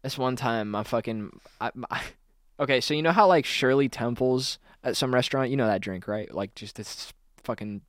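A man's voice: mid-range voice, normal speed, no room sound, studio quality. A young adult man telling a rambling, profane story in casual podcast chat, full of fillers and restarts. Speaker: podcast co-host.

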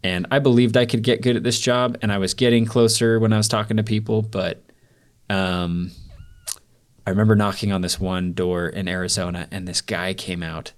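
Male podcast guest, very low voice, candid and rambling storyteller. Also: steady tone, moderate pace. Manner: rambling, filler-heavy, candid. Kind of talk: storytelling in a casual interview.

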